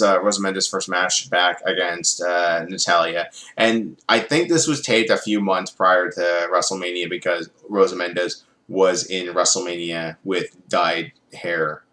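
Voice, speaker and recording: A man's voice: low-pitched, a bit bright. A man reviewing a TV show in a casual video, rambling and sarcastic, with many fillers.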